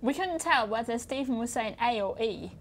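A woman's voice: fairly high pitch, animated, slight background noise. A woman co-piloting on a game stream, chatting casually and teasing her host. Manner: teasing, chatty, quick to laugh. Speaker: co-pilot guest. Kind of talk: casual let's play chat.

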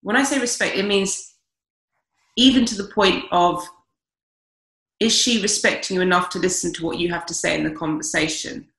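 Blunt forties woman dating coach, bright forceful tone, slightly low pitch, echoey room. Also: normal speed, creaky, long pauses. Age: 40s. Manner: blunt, emphatic, swears freely. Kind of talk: podcast guest giving advice.

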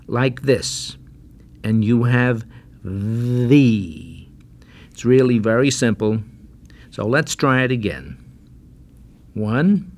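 A man giving slow, carefully enunciated pronunciation lessons, patiently repeating words for drill, on a 1970s language-course record. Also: mid-range voice. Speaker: pronunciation teacher. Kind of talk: slow, deliberate instructional narration.

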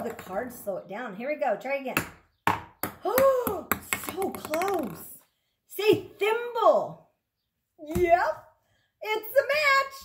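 A woman speech therapist leading children through a slow, enthusiastic word-practice game. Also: extremely high pitch, background noise. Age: adult. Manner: slow, enthusiastic coaching prompts.

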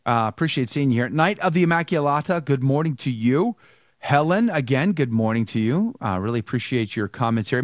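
A man's voice: fairly high pitch, dry recording, clean studio sound. A man hosting a live show, greeting viewers by name and chatting with a priest guest. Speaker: host. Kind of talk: livestream greetings and chat.

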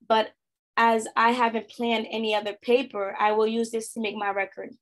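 A woman's voice: fairly high pitch, flat delivery, normal speed, lightly acted. A woman doing a dogged, formal old-time tallyman. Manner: formal, old-fashioned proclaiming. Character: earnest weary male census taker.

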